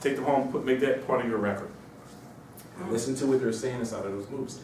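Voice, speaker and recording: A man from Mauritania giving an informal, animated lecture to a small audience, repeating himself and slipping into mocking voices. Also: mid-range voice, fast, a little hiss or hum. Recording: echoey room, distant mic.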